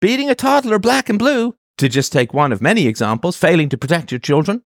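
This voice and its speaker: Impassioned man with lively pitch. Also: brisk, dry recording, clean studio sound. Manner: impassioned, emphatic lists. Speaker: advice show host. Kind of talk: call-in advice talk.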